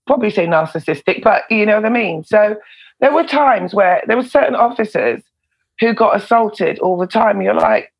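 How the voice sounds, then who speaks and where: Gravelly-voiced woman telling stories. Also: medium pitch, moderate pace, low-quality recording. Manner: animated, swears freely, laughs between lines. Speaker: former prison officer and comedian. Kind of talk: casual storytelling in a podcast interview.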